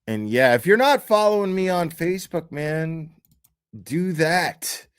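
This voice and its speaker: Slow rambling livestream guy. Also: on the high side, expressive, smooth. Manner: loose and rambling, many fillers and laughs. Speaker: livestream host. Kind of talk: casual livestream chat.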